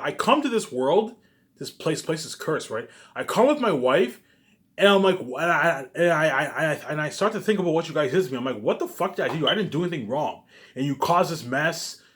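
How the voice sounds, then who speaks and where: A male vlogger rants at his audience at a rapid clip, full of profanity and stumbling restarts. His voice jumps between loud, heated outbursts and low, muttered lines. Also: big pitch swings. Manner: agitated, profane, repetitive, with many restarts. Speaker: YouTube vlogger. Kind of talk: ranting monologue to camera.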